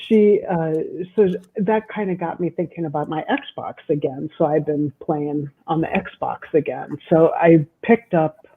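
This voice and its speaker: A woman co-hosting a casual podcast, rambling slowly and laughing at herself. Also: low-pitched. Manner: slow, rambling, self-amused. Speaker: podcast co-host. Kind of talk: casual chat. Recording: tinny phone-like line with faint noise.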